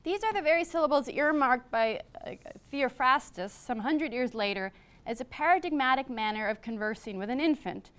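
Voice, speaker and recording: A woman professor giving a public lecture on classics, partly read from a script, measured, with brief asides. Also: high-pitched, lively intonation, a bit bright, smooth. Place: lecture hall.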